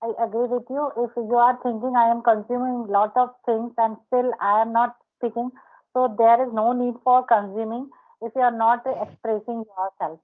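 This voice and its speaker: A woman's voice: fairly high pitch, fairly even intonation, moderate pace. A woman hosting a casual English speaking practice conversation who keeps repeating words as she corrects pronunciation. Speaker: host, English speaking coach. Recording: tinny call audio.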